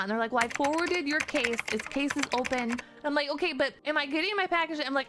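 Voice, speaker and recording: A woman streamer telling a frustrating story in a casual, animated rant, acting out both sides of the conversation with exasperation. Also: sits high, fast, hardly any pauses.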